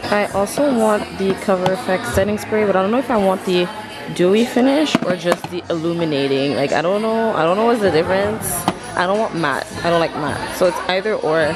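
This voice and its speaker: A woman's voice: mid-range voice, a little fast, loud music behind the voice, over a noisy crowd. A young woman from Montreal, Canada, rambling casually to her camera as a vlogger, swearing now and then. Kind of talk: casual vlog chat.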